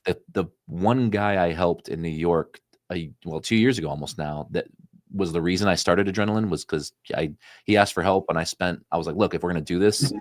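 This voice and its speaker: A male financial advisor guesting on a podcast, telling stories quickly and acting out the voices of people he quotes. His voice is very low and sounds dry and close, with no room echo. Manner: fast, animated storyteller acting out quoted dialogue. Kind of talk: casual interview storytelling.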